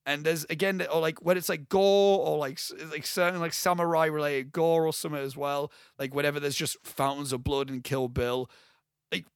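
A young man co-hosting a podcast, talking casually and excitedly about a film, rambling and swearing freely. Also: a little high, moderate pace, clean tone, no room sound, clean studio sound. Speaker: podcast co-host.

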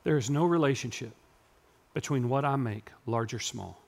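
A man, preaching a sermon to his congregation in a church and building to loud, yelling emphasis. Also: mid-range voice, moderate pace, vocal fry, a little hiss or hum. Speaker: pastor. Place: church sanctuary.

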